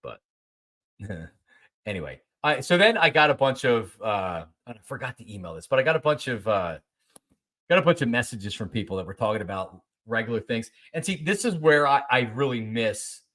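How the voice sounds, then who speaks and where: Speaking at a moderate pace and medium pitch, a podcast host in his forties relates a story casually. He's animated and repetitive, taking on both roles in a conversation he recounts.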